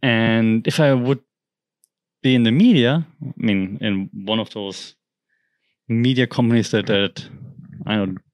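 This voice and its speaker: A man's voice: fairly low pitch, unhurried, pauses often, dry recording. A man whose first language is German, hosting a podcast and talking through the news in a rambling, conversational way with frequent restarts. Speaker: podcast host. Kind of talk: casual commentary monologue.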